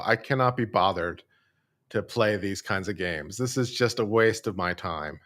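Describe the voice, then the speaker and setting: A man's voice: on the low side, a little slow, a bit bright. A man commenting as an attorney, blunt and scolding in manner. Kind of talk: exasperated commentary.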